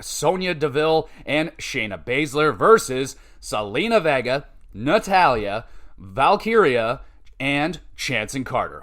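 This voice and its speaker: A man's voice: on the high side, a bit bright. A man hosting a podcast, recapping wrestling matches in a casual, chatty way with offhand asides and scores. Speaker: podcast host.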